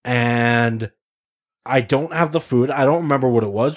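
A man's voice: medium pitch, normal speed. A young man telling a story in casual chat, acting out quotes and swearing often. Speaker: podcast co-host telling a story.

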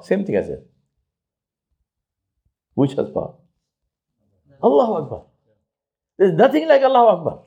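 A man giving a religious talk on outreach. He is emphatic and repeats his points, swinging between loud high stresses and low quiet asides, and slows down to press key phrases. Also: slightly rough. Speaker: Islamic lecturer.

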